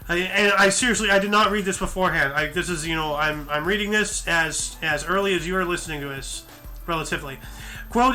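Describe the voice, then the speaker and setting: A man's voice: high-pitched, fairly even intonation, brisk, sharp tone, faint music behind. A tired man hosting a news show, reading articles aloud and breaking off into rambling asides full of fillers and restarts. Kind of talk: casual news commentary read from articles.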